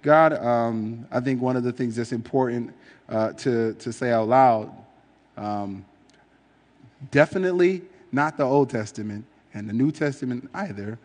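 A man's voice: mid-range voice, measured pace, a little mellow. Chatty preacher man in a big hall. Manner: casual, chatty, with frequent fillers. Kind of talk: conversational sermon with scripture reading.

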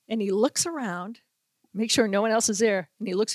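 A woman from Boston, a sports reporter hosting a casual talk show, telling a lively anecdote full of acted-out quotes. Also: on the high side, fairly quick, dry recording. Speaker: sports reporter, podcast host. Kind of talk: casual storytelling chat.

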